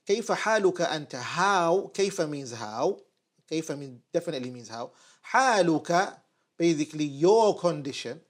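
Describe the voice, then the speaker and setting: A man giving an online Arabic lesson at a whiteboard, patiently repeating phrases slowly for his learners. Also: a little high, lively intonation. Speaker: Arabic teacher.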